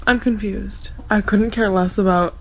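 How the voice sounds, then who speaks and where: A woman's voice: medium pitch, fairly even intonation, measured pace, low-quality recording. A young woman vlogger reacting to a fantasy novel in a dramatic, sarcastic, gushing fangirl ramble. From Texas. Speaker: book vlogger.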